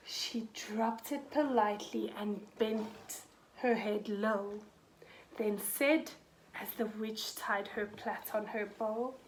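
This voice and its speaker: Slow, expressive woman reading a picture book. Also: a little high, a little hiss or hum. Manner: expressive, dramatic rises and hushes. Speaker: storyteller.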